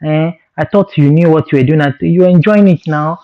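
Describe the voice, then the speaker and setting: A man's voice: a little high, brisk, natural voice. A smug young woman roommate, voiced by a man, coaxing and dismissive in a slightly raised voice. The sound is dull and lo-fi.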